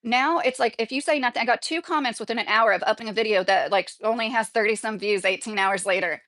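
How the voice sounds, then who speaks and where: Indignant rambling woman YouTuber, high voice. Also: quick pace, fairly bright tone. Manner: indignant, rambling with restarts and frequent "like". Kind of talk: casual political rant to camera, reading comments.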